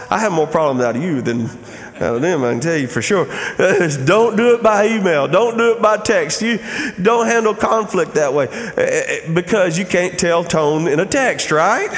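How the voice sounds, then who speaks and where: A man's voice: fairly high pitch, fairly bright tone, big-room sound. A middle-aged male pastor preaching a sermon in a conversational way, often asking the crowd "Amen?".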